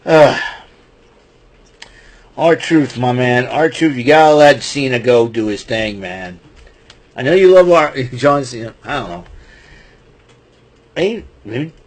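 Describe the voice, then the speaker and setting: A man giving a rambling, casual wrestling recap, chuckling often and filling pauses with ums and restarts. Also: medium pitch, animated.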